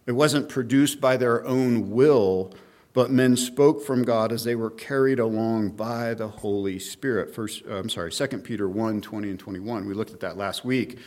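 Here a middle-aged man leads an expository sermon, reciting scripture and then calmly walking through its meaning. Fillers and restarts crop up often, and his voice falls in the mid range.

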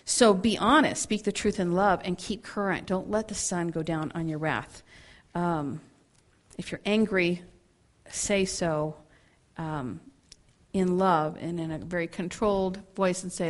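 Speaking a little slowly in a fairly low voice, a woman gives a lively Bible teaching to a women's group. She performs angry people's lines, laughs a lot, and tends to repeat words when beginning her sentences.

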